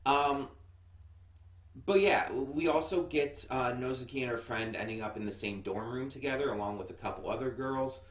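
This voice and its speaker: Here a man from the United States rambles through his first impressions of an anime, chatty and casual, often restarting and filling gaps. His pitch is medium and his speed normal, while the distant mic picks up an echoey room.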